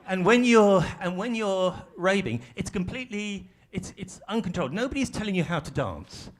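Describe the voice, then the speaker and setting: Male facilitator, fairly high and very animated voice, chatty and self-deprecating onstage. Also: moderate pace. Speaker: workshop facilitator. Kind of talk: live presentation to an audience. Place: large ballroom stage.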